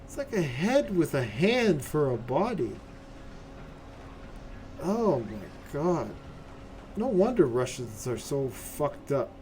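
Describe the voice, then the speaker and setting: Excitable cursing man streaming a game. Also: fairly high pitch, takes it slowly, pauses often, a little hiss or hum. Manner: profane, excitable, talks to chat, keeps asking "right?". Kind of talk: casual live game commentary.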